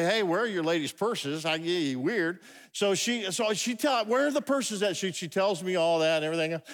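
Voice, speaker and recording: A man's voice: fairly high pitch, a bit bright. A middle-aged man preaching a sermon, telling a comic story with asides and stumbling restarts. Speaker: pastor. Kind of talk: humorous sermon. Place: large church hall. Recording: long hall reverb.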